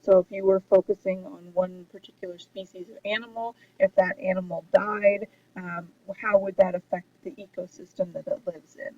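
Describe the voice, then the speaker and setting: A woman's voice: mid-range voice, steady tone, normal speed, hardly any pauses. A woman giving a recorded lesson on essay writing, explaining steadily with frequent ums and uhs. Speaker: writing instructor. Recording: dull distant mic with faint hiss.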